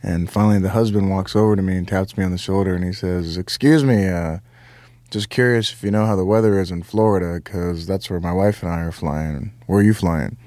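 A man's voice: deep voice, a little fast, no echo. A young adult man, a comedian, dryly telling airport stories in a radio interview. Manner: deadpan joke delivery, laughs at own lines. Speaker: comedian guest.

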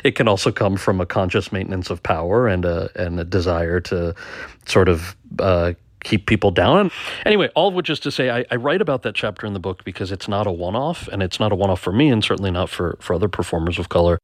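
A man's voice: sits low, fast, dry recording, clean studio sound. A man, an actor and author, recounting his experiences in a reflective interview, often repeating words as he talks. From United States. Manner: reflective, stammers and repeats words, animated quoting. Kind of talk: storytelling interview.

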